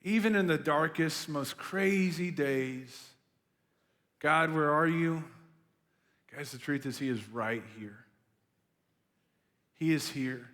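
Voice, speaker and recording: A man's voice: medium pitch, slow pace. A young man giving a casual, chatty sermon to students, full of "like" and "right?", as a youth pastor. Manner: chatty and animated, lots of "like" and "right?". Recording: long hall reverb.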